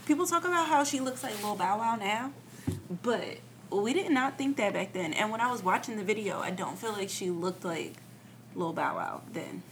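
A woman co-hosting a podcast in casual chat, playful and quick to laugh. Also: mid-range voice, lively intonation, a bit bright, slight background noise. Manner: playful, laughs often, sings snippets. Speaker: podcast co-host.

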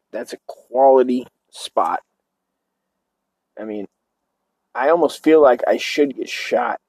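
A man's voice: medium pitch, a little mellow, breathy edge, no echo, poor audio. A man hosting a show, delivering a crude, rambling comedic rant full of swearing. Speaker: show host.

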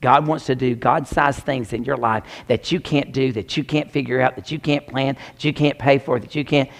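A man preaching a sermon as pastor, swinging between loud exclamations and hushed near-whispers. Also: mid-range voice, fairly even intonation, moderate pace, vocal fry, in a large hall.

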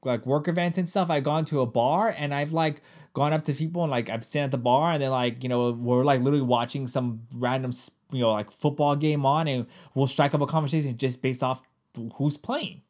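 A man co-hosting a casual podcast chat, animated and profane, laughing often and jumping up in pitch when he acts out what people say. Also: fairly quick. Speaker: podcast co-host. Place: Los Angeles.

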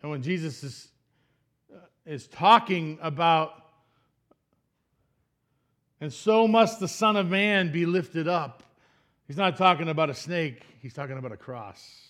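A pastor giving a sermon in a church, throwing out questions to the congregation and acting out the people in the story, swinging from loud emphatic lines down to soft, low asides. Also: male voice, unhurried, pauses often. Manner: acts out voices of people in the story.

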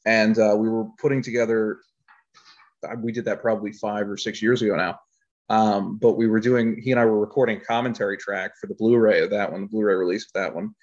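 On dull lo-fi audio, a male filmmaker guest meanders through stories about his films in a casual interview, laughing a lot. His voice sits on the low side with a darkish tone, fairly even intonation, and a slightly fast pace.

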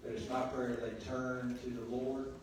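A man, a pastor, preaching a sermon with call-and-response to the congregation, swinging between quiet and loud passages. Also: medium pitch, flat delivery, measured pace, distant mic, background noise. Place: church sanctuary. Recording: very echoey church hall, voice from afar.

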